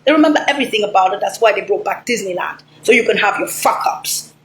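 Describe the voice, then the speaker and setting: Woman, mid-pitched, ranting and cursing in a disjointed stream; roomy echo on the voice. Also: lively intonation, fast talker, slight background noise. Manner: ranting, swearing, rambling. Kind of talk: angry profane monologue. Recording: roomy echo, faint ambience.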